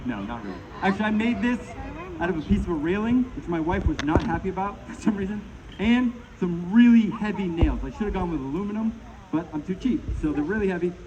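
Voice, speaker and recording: A man's voice: high voice, expressive, fast talker. A middle-aged man from Maine doing a live comedy juggling show outdoors, bantering and joking with the crowd. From Maine, USA. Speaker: juggling performer. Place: outdoors at a pond. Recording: muffled outdoor recording with loud background noise.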